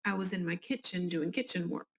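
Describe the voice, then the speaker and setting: A woman's voice: on the low side, fairly quick, close to an everyday voice. A woman with a Southern US accent reading the testimony of an older woman neighbor at an inquest, plainly and politely.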